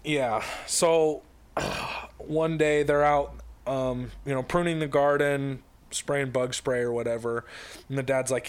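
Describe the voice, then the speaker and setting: A man casually retelling a story to a friend on a podcast, wandering and backtracking as he goes. His voice sits at an ordinary middle pitch. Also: steady tone, takes it slowly, clean tone. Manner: rambling storyteller with many fillers and restarts. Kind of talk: casual chat.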